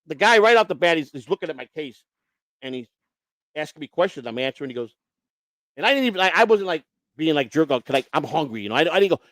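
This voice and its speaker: Fast-talking profane man telling stories. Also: a little high, a bit bright, no echo. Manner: blunt, profane, rambling with many restarts. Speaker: host. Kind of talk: casual storytelling chat.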